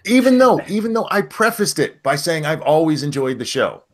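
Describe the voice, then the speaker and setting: A man's voice: fairly high pitch, big pitch swings, a little fast. An older man hosting a casual livestream chat, telling stories with swearing and jokes. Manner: profane, joking storyteller. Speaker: stream host.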